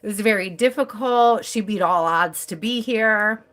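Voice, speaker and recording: Bright-voiced lady chatting on her live stream, laughs a lot while telling stories. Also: mid-range voice, measured pace. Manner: chatty storyteller, laughs often. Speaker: tarot reader hosting a live stream. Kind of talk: casual chat on a live stream.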